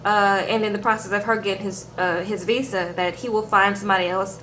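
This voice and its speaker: In this casual vlog, a reality TV reviewer speaks in a mid-range, slightly bright voice with fairly even intonation and a fairly quick pace. She sassily recaps the show, calling viewers "girl" and "y'all." Slight background noise is present.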